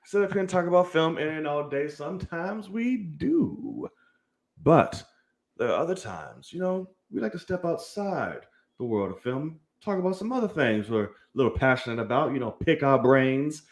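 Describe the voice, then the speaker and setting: A young man hosts a laid-back film podcast, talking in a fairly high, sing-song voice at a moderate pace. He chats loosely, swears freely, and hypes up the channel.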